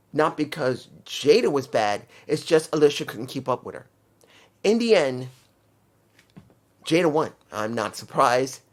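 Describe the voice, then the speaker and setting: Rambling male wrestling reviewer. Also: fairly high pitch. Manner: rambling, circles back and corrects himself. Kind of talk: casual spoken show review.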